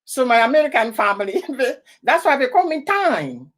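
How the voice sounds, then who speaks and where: A woman's voice: high-pitched, big pitch swings, moderate pace. A woman from Ivory Coast hosting a casual live stream, often laughing and greeting viewers by name. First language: an Ivorian language.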